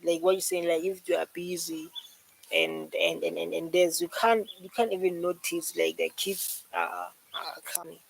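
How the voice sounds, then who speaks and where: A man's voice: on the high side, expressive, normal speed, creaky, background noise. Rambling South African man reacting casually. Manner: rambling and repetitive, with lots of fillers like "man" and "like". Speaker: reaction video host.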